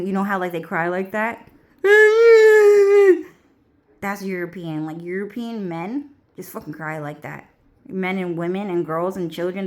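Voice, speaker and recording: Young woman on a profane rambling rant. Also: on the low side. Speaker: vlogger. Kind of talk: casual rant.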